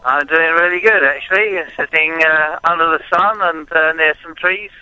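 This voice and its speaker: An English man with a soft West Country accent speaks over a dull, lo-fi phone line. He talks at a middling pitch and pauses often with ums and uhs. The sound is dry and close. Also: smooth, no echo, faint music behind. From England, West Country. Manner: hesitant, many ums and uhs. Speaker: guest, druid teacher. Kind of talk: phone interview.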